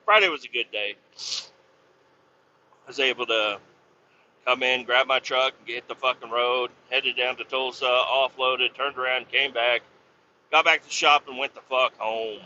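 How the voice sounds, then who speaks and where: A podcast host with a mid-range, steady voice tells a rambling story about his work day, full of profanity. He speaks a little slowly, pausing often, with a sharp tone, and the lo-fi recording sounds slightly dull with faint noise.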